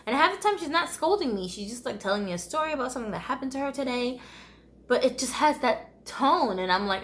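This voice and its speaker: A woman's voice: sits high, lively intonation, fast, fairly bright tone. A woman from the United States telling her life story in a candid, conversational vlog, often laughing wryly.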